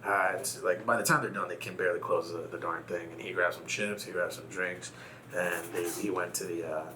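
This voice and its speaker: A man's voice: low-pitched, steady tone, fairly quick, background noise. A man from Texas, a guest in a casual conversation, talking reflectively and telling a personal story.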